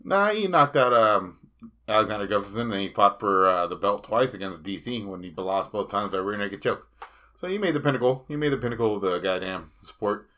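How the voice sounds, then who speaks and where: A man co-hosting a fight podcast, trading jokes and laid-back swearing. His voice is low but swings widely in pitch. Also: expressive, brisk, pushed and bright. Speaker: podcast co-host. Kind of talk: profane casual chat.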